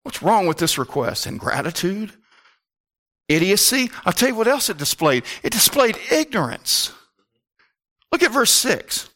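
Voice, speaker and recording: A man preaching a sermon with passion, rising to near-shouts and firing rhetorical questions at the congregation. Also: sits high, very animated, a little slow. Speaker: pastor.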